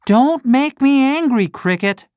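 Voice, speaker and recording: A woman's voice: medium pitch, big pitch swings, takes it slowly, clean tone, dry recording, studio quality, pitched above the performer's own voice. A woman voicing a naughty wooden boy puppet who talks rudely and defiantly. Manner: shouting, rude and defiant.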